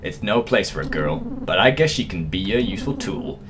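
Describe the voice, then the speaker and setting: A man voicing a gruff, weary middle-aged father in a game, curt and grim. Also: low voice, sing-song, normal speed, crowd noise, pitched below the performer's own voice.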